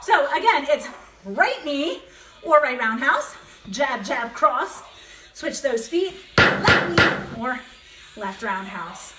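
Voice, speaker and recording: A woman's voice: high voice, big pitch swings, takes it slowly, roomy sound, noisy background. A woman instructor coaching a home kickboxing workout, calling out combos in an upbeat, encouraging way, getting out of breath. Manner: calls out combos, upbeat and encouraging, laughs often. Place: home workout space, dogs barking nearby.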